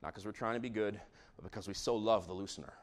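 A man preaching a sermon with great passion, moving between hushed, intimate lines and loud shouts. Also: on the low side, fast talker. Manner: impassioned, swings from hushed to shouting. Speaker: pastor.

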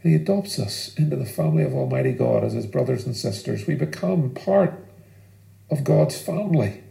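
Pastor preaching, earnest and emphatic, kinda high voice, roomy echo. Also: male voice, sing-song, moderate pace, vocal fry, mellow. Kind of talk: sermon.

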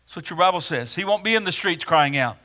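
A male pastor preaching a sermon in a dramatic way, swinging from hushed words to loud ones. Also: on the high side, expressive, quick pace.

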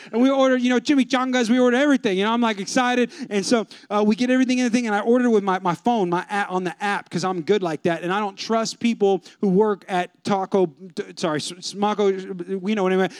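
High-voiced joking pastor. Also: male voice, smooth, no room sound. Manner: animated, humorous, addresses the congregation. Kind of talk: storytelling sermon.

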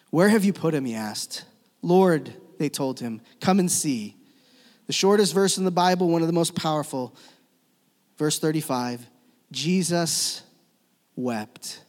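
A man preaching a sermon as a pastor, swinging between loud emphatic lines and hushed, slow ones. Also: a little high. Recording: long reverb of a church hall.

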